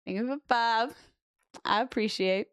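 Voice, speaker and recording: Chatty woman streamer, clear voice. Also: on the high side, normal speed, no room sound, clean studio sound. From Australia. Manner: chatty, blunt and joking, reads chat aloud. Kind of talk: casual chat with live chat.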